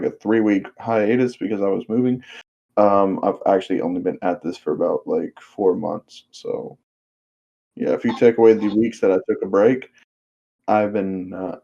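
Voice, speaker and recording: A man's voice: lowish voice, warm tone, highs cut off. A man hosting a casual podcast, asking guests questions and laughing often. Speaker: podcast host. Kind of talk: casual chat.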